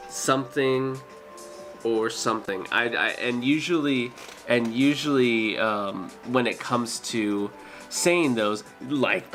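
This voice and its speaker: A man's voice: mid-range voice, fairly bright tone. A man chatting casually with his stream viewers, hesitant and full of fillers and restarts. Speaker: streamer and dental worker.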